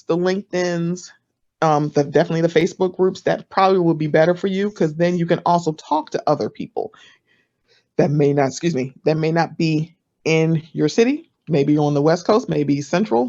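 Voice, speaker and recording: A chatty woman on a panel gives casual advice in a fairly low voice. She acts out other people's lines with leaps up in pitch. The sound is dull and lo-fi, like an online call. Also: normal speed, warm tone.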